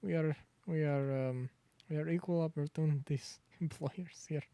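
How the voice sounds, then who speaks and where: A man doing a deliberately bad fake Russian accent as a mock factory boss who drops his articles. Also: on the high side, steady tone, dark tone, no room sound, close to an everyday voice. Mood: mock serious.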